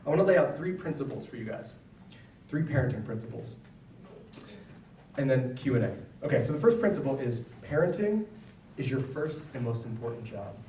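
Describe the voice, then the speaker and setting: A man's voice: medium pitch, animated, fairly quick, mellow, a little hiss or hum. Man lecturing parents in a roomy hall. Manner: conversational, often ends points with "right?". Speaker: psychologist giving a talk to parents. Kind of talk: public lecture with personal stories. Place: school event hall. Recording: roomy, distant mic, faint ambience.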